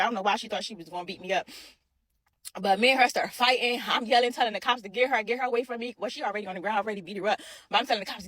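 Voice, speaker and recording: A young woman telling a dramatic personal story in a casual, animated way, repeating herself and talking straight to viewers. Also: mid-range voice, no room sound.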